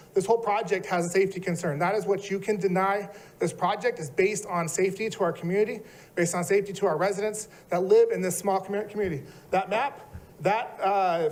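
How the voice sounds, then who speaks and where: A man's voice: high voice, a little mellow. A middle-aged man giving an earnest, emotional public comment at a city planning meeting. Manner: earnest, emotional, listing his civic roles. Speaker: resident speaking at public comment.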